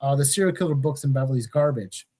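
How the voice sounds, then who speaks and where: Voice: medium pitch, quick pace, mellow. A podcast host recapping a film in casual chat, swearing freely and laughing often.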